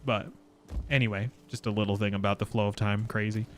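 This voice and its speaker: A man live-streaming a game, chatting casually and excitably with his viewers and swearing freely. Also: on the low side, brisk. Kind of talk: casual live gameplay chat.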